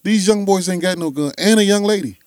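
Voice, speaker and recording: A podcast host with a Chicago accent chats casually, laughing as he tells stories in slang and repeating himself. His voice sits high with a darkish tone, his pace is brisk, and there's no echo.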